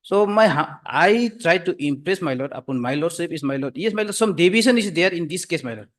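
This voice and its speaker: A man arguing before a judge in a courtroom, halting with many fillers and addressing the bench as "my lord" again and again. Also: fairly high pitch, expressive, a bit bright. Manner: hesitant, full of fillers, repeats "my lord" constantly. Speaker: advocate for the government. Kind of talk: courtroom argument.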